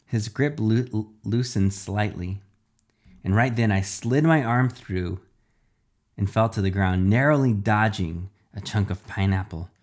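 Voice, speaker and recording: A man narrating a playful, animated first-person adventure story. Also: lowish voice, unhurried.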